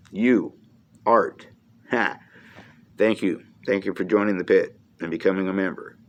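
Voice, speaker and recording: A middle-aged American man talks straight to his viewers in a blunt, rambling solo monologue. His voice sits a little low, and he often stumbles, restarting his words before pressing on. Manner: blunt, plain-spoken, repeats and restarts words. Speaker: host of a solo video show.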